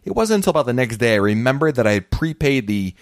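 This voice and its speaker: A man's voice: medium pitch, very animated, quick pace, dry recording, studio quality. A man in his thirties hosting a casual solo podcast, chatty and self-deprecating as he tells stories. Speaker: podcast host.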